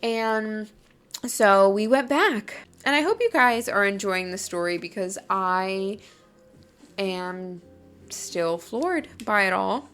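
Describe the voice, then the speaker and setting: A young woman hosting a podcast, telling a personal story in a gushing, excitable way with lots of "like". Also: medium pitch, takes it slowly, clear, resonant tone, soft background music. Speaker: podcast host. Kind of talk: casual storytelling.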